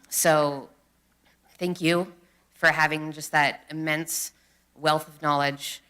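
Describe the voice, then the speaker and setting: A woman on a county board giving sincere, halting thank-you remarks in a meeting chamber. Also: sits low, a bit bright, clean tone.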